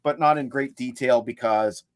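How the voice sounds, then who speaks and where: In a clean, dry studio recording, a male livestream co-host at medium pitch and normal speed chats excitedly about the CDs he's collected.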